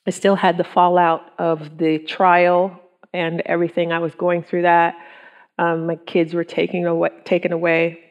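A woman's voice: on the low side, monotone, moderate pace, highs cut off. A middle-aged woman giving an earnest, conversational testimony to a women's group, often with ums and quoted thoughts. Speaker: women's ministry speaker.

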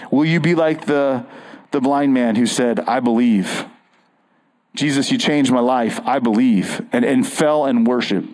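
A man's voice: medium pitch, a little mellow, rough recording. A man preaching an earnest, conversational sermon as a pastor, often restarting his phrases.

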